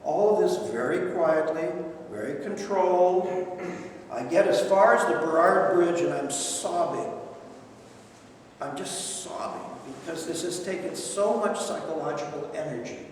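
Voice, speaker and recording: Older man, lecture with stories, high lively voice, distant mic, echoey hall. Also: a little slow, a little hiss or hum. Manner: animated, repeats phrases for emphasis, chuckles. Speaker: lecturer at a recovery centre. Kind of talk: lecture with personal storytelling. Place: lecture room. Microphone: distant microphone. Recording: echoey hall recorded from afar.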